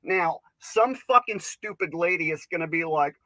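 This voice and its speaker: A man performing as a crude male stand-up comic in a recorded bit, swearing, mocking and building up to shouts. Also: a little high, expressive, normal speed, no room sound, voice pushed up, rough recording. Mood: ranting. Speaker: stand-up comedian.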